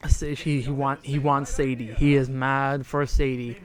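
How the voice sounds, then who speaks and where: Unhurried and flat in delivery, a man with a mid-range voice retells a story on his podcast in a relaxed, chatty way. When others' words come up, he performs them.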